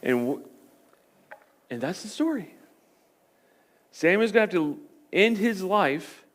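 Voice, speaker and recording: A male pastor delivers a sermon with a notably high voice. He tells the story with animation, pushing hard on key lines and then dropping to a hush. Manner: animated storytelling, swinging between loud and hushed.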